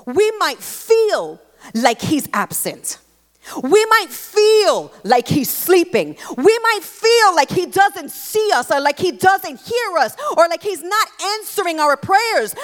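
High, lively woman preaching in a hall. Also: slow. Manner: expressive preaching, rising to emphatic bursts. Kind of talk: sermon. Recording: long hall reverb.

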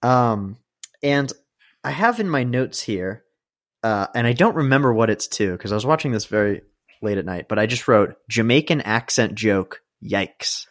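A podcast co-host talks in a wry, animated way. Their pitch swings widely through casual chat. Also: moderate pace.

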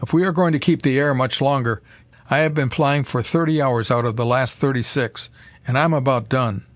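Man reading exhausted male pilot, plain weary delivery, middle pitch, dry close sound. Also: moderate pace, no room sound, close to an everyday voice.

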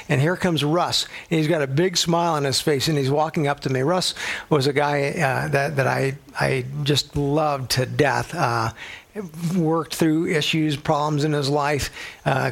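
A man's voice: on the high side, a bit bright. A middle-aged male pastor teaching a sermon in a conversational way, telling personal stories and using a coffee cup as a prop.

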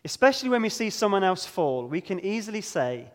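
A man preaching a sermon, earnest and emphatic, slowing down to stress key words. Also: high-pitched, very animated, long reverb tail.

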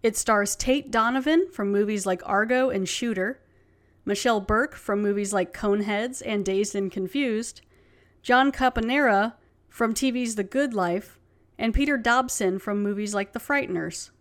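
A woman's voice: medium pitch, moderate pace. A woman hosting a podcast, talking through an episode in a chatty, rambling way. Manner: chatty, rambling with many fillers. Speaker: podcast host. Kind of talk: casual chat.

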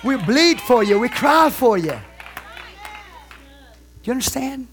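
A man's voice: very high voice, big pitch swings, unhurried, faint music behind, some chatter behind. A middle-aged male pastor preaching a sermon fervently, with emphatic repeated phrases.

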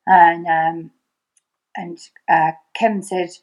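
A woman's voice: on the low side, steady tone, normal speed, a little mellow, rough recording. A middle-aged woman with an Irish accent, a podcast guest telling a painful personal story, repeating herself and acting out the dialogue with her voice climbing. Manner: repeats "I said" constantly, re-enacts dialogue with rising voice.

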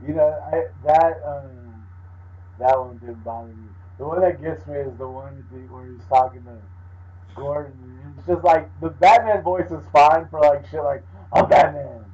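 A man's voice: a little high, steady tone, a little mellow, husky. A man co-hosting a podcast in casual chat, wry and joking as he riffs. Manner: wry, joking, quick to riff. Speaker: podcast co-host. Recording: dull lo-fi audio.

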